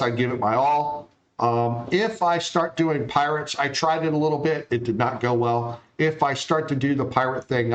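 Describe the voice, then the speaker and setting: A man's voice: mid-range voice, lo-fi sound. Laid-back rambling male stream host. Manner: relaxed, rambling, lots of fillers. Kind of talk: casual live-stream chat.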